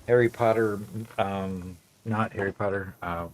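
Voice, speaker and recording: A man's voice: on the low side, fairly even intonation, a little slow, slight background noise. A man chatting casually on a gameplay livestream, rambling with fillers as he plays. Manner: rambling, many fillers and restarts. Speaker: streamer.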